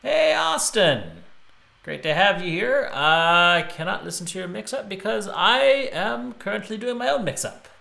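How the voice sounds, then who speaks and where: A man's voice: high voice, very animated, measured pace, gravelly, pushed and bright. A man arranging music on a live stream, thinking aloud with restarts and chatting to viewers. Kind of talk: casual live-stream commentary. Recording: roomy with instrument playback. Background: musical instrument playback.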